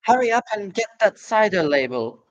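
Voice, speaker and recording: A man's voice: high-pitched, big pitch swings, normal speed, dry recording, muffled recording, pitched above the performer's own voice. A man voicing a farmer's wife in a storybook, calling out bossily from upstairs. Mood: bossy.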